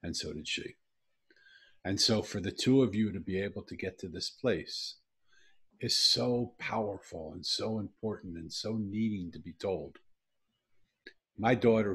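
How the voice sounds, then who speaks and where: A middle-aged man hosts an interview, his voice sitting low with a husky, breathy edge. He talks in an earnest, reflective way, settling into long personal stories. His tone is sincere and unhurried. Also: a bit bright. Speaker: podcast host. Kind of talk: heartfelt interview talk.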